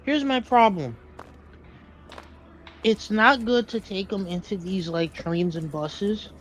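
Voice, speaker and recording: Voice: mid-range voice, slow, faint music behind, rough recording. A speaker, co-hosting a stream and telling stories about commuter annoyances in casual chat. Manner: chatty storyteller, complaining.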